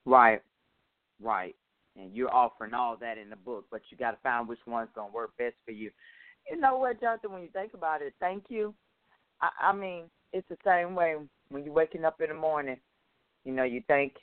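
A man's voice: mid-range voice, lively intonation, moderate pace, no echo. A male host in a casual interview, chatty and hesitant, laughing often. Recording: tinny phone line.

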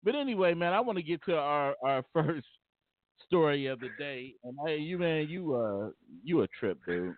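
A man's voice: a little high, sing-song, dry recording. A man hosting a casual call-in talk show, stammering and repeating words as he goes. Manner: halting, repeats words, laughs often. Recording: tinny phone-like line, dry.

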